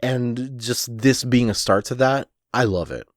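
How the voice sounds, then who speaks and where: A man co-hosting a podcast in casual chat, relaxed and halting with many fillers. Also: mid-range voice, no echo, clean studio sound. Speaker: podcast co-host.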